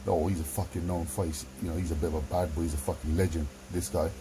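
Blunt, low-voiced man. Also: flat delivery, fast talker, background noise. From London. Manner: blunt and heavy with swearing. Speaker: vlogger. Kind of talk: casual monologue to camera.

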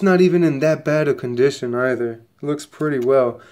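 Excitable sniffly man unboxing cards. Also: mid-range voice, normal speed. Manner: excitable, rambling, chatty, talks straight to viewers. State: sniffly, coming down with a cold. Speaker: channel host opening trading cards. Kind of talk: casual unboxing vlog.

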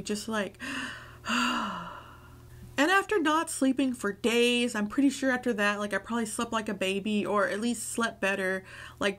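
A woman's voice: mid-range voice, fairly bright tone. A woman from Nashville casually telling a personal testimony story in a rambling, chatty way full of filler words. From Nashville, USA. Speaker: YouTuber sharing a testimony.

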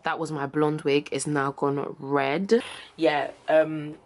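A woman's voice: low-pitched, level tone, takes it slowly, low-quality recording. A woman with a London accent chatting to camera at home in a casual vlog, heartfelt and talkative, sometimes dropping almost to a whisper. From England. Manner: chatty and heartfelt, drops to a soft near-whisper at times. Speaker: vlogger. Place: indoors at home.

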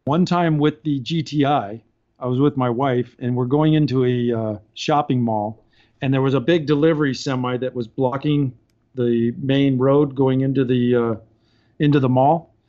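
A man's voice: mid-range voice, fairly even intonation, normal speed, mellow, muffled recording. A man, a podcast guest, telling casual stories and laughing through his anecdotes. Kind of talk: casual storytelling.

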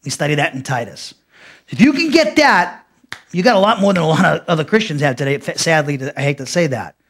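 A man's voice: fairly high pitch, animated, a little fast, fairly bright tone. A man teaching a Bible lesson as pastor, emphatic, often restarting and repeating phrases.

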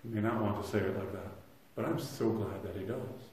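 A man in his thirties with a fairly low voice preaches a sermon in a church sanctuary, and the room rings with heavy echo. He is earnest, rising to loud emphasis and then dropping to a soft hush. He often doubles a word as he restarts a thought. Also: fairly even intonation, fairly quick. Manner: earnest, swings between loud emphasis and soft hushed lines; repeats words when restarting. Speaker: pastor.

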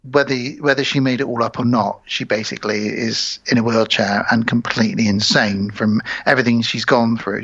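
A man's voice: mid-range voice, fairly bright tone, no room sound, highs cut off. A man in his forties co-hosting a podcast, chatting about films in an enthusiastic, rambling, jokey way. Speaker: podcast co-host. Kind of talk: casual film review chat.

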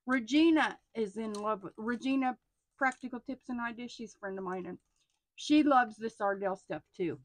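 A middle-aged woman, chatting casually as she unboxes stationery. She gushes with excitement and often drops into hushed asides. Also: fairly high pitch, normal speed. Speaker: stationery haul vlogger.

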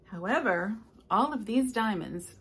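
Gravelly, husky older woman chatting. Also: mid-range voice, animated, unhurried. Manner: chatty, rambling storyteller with soft asides. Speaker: stitching vlogger. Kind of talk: casual chat.

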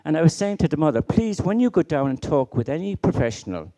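A man's voice: on the high side, big pitch swings, fast talker, mellow. A middle-aged man giving a conference keynote, emphatic and full of rhetorical questions and stories. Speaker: keynote speaker.

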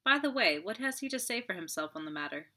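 A woman voicing a polite, shrewd older detective in an audiobook, measured and guarded in speech. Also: mid-range voice, expressive, sharp tone.

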